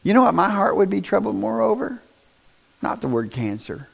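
A man preaching a conversational sermon, often asking the congregation questions and rising to loud, emphatic bursts. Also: high voice, sing-song, moderate pace, gravelly, husky. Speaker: pastor.

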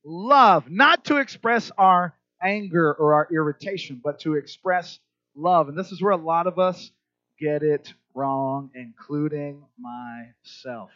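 Animated male pastor preaching, high voice. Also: a little slow, dry recording, dull audio. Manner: animated, acts out kids and parents in voices. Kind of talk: sermon.

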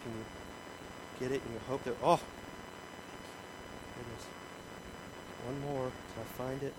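A middle-aged man preaching a sermon, telling stories about himself in an animated way, with big swings in loudness. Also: mid-range voice, background noise. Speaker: pastor.

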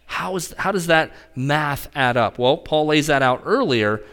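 A man preaching a conversational sermon as a pastor, talking straight to his congregation in an animated way. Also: a little high, measured pace.

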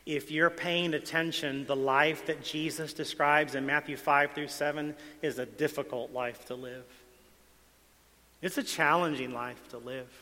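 A male pastor preaching a sermon, swinging between quiet asides and loud emphatic lines. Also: a little high, fairly even intonation, measured pace. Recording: long hall reverb.

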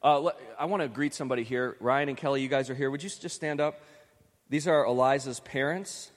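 A man's voice: mid-range voice, brisk, in a large hall. A man from Western New York preaching a sermon, telling a story in a chatty, self-deprecating way with frequent restarts. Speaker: pastor.

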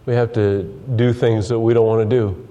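A man's voice: fairly low pitch, level tone, moderate pace, mellow, highs cut off. A man preaching a sermon, earnest and full of restarts, reading scripture aloud while losing his voice. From United States. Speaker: pastor.

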